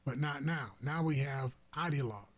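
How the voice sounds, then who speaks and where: A man hosting a talk radio program, commenting on the news in a halting way, full of fillers and restarts. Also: mid-range voice, no room sound. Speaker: radio host. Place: radio studio. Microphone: studio microphone.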